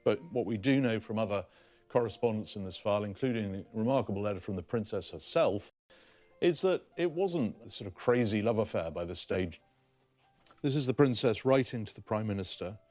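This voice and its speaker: A man's voice: lowish voice, expressive, brisk, a little mellow, faint music behind. A man explaining archive documents in an emphatic, explanatory manner. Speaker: historian.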